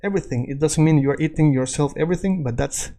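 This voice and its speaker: Mellow-voiced man teaching Spanish. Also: fairly high pitch, fast. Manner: chatty, self-correcting, repeats points to students. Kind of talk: casual explanatory lesson.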